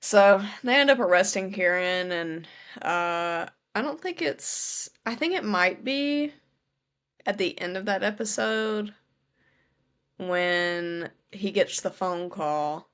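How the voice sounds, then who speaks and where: امرأة شابة تروي القصة بحيوية. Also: female voice, mid-range voice, slow, smooth. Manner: animated storytelling, acts out characters' lines. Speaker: podcast co-host. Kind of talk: casual chat recapping a TV show.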